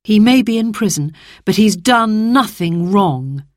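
A woman reading a storybook, voicing a sorrowful mother who speaks quietly and steadily. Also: mid-range voice, expressive, a little slow, no echo, studio quality, voice pushed up, close to an everyday voice. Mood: sad calm.

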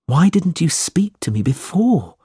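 A man voicing an earnest, kind young man who speaks gently, in a storybook reading. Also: fairly high pitch, sing-song, unhurried, breathy edge, dry recording, studio quality, voice pushed up, heavily acted.

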